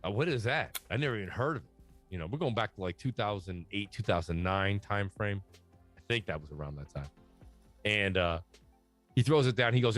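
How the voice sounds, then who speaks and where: A man chatting casually about video games, animated and slangy, telling stories with lots of asides. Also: lowish voice, fairly quick, faint music behind. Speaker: podcast guest. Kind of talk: casual gaming chat.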